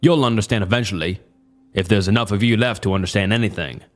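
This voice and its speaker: A man voicing a cruel masked male cult leader with a put-on Southern accent, speaking with quiet, level malice. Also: on the low side, quick pace, pitched below the performer's own voice, close to an everyday voice. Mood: quiet menace.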